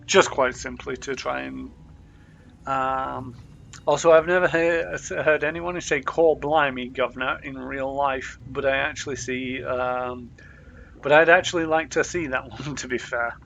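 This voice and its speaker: A man's voice: mid-range voice, gravelly, a bit bright, lo-fi sound, a little hiss or hum. A young man streaming a video game, rambling in loose commentary full of ums and uhs.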